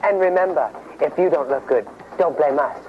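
A comic actor playing a smarmy male hair-product pitchman in an exaggerated commercial parody, on rough old TV audio. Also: normal speed, lo-fi sound, a little hiss or hum, close to an everyday voice. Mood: pitchy. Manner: exaggerated infomercial pitch, fake accent.

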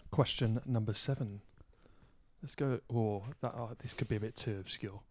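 A man's voice: lowish voice, fairly even intonation, normal speed, darkish tone. A man hosting a casual podcast quiz, playful and teasing as he reads out the questions. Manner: playful, laughs often, teasing. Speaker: podcast host, quizmaster.

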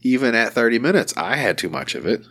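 A man's voice: mid-range voice, sing-song, fast, pushed and bright. A man co-hosting a podcast, talking in crude, casual banter, swearing freely and mocking others. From Arkansas, United States. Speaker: podcast co-host.

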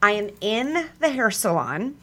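A woman's voice: fairly high pitch, sing-song, unhurried, bright, forceful tone. A middle-aged woman hosting a casual radio chat, playful and affirming, often chiming in with agreement. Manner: playful, affirming, lots of yeahs. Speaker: radio host.

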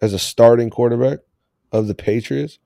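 A man's voice: medium pitch, fairly even intonation, moderate pace, gravelly, warm tone, dry recording, clean studio sound. A man hosting a casual sports podcast, talking in a loose, rambling way and laughing often. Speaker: podcast host.

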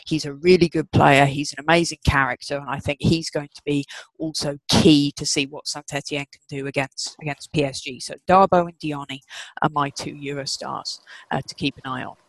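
A man with a voice a touch higher than most breaks down players on a football podcast. He hesitates and repeats words as he works toward his point. The sound is dry, with no room echo. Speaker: football pundit. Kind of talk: casual podcast analysis.

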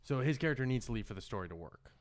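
A man's voice: mid-range voice, animated, very fast. A man co-hosting a podcast in casual chat, laying out his points in a reasoned way. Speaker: podcast co-host.

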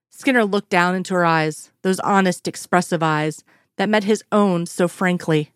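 Woman narrator, lower range, dry close mic, steady story reading. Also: moderate pace, clear, resonant tone, no room sound. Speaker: reader. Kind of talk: fan fiction read aloud.

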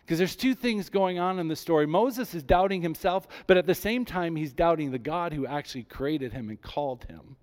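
A man preaching a sermon, rising with emphasis and dropping low and soft when he voices God's words. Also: expressive, moderate pace, hardly any pauses. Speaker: pastor.

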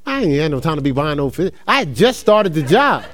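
Man, middle-aged, from New Jersey, sermon, storytelling, laughs often, high pitch. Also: very animated, brisk, a bit bright, a little hiss or hum. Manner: casual storytelling, laughs often, talks to crowd as y'all. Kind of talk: sermon with personal stories.

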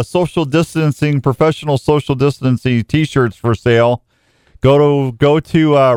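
A man's voice: medium pitch, a little mellow, clean tone, dry recording, studio quality. A man hosting a casual radio show, joking and rambling.

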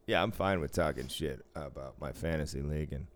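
Man, 30s, podcast co-host: very low, smooth voice, loose and profane. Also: a little fast. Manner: laid-back, swears freely, laughs often. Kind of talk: casual chat.

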